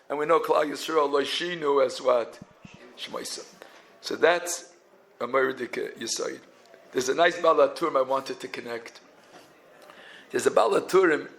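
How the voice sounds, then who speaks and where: Gravelly rabbi with a lilt. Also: male voice, fairly high pitch, fairly bright tone, rough recording. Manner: mixes Yiddish and Hebrew terms into English, chanting phrases with a tune. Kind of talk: Torah talk.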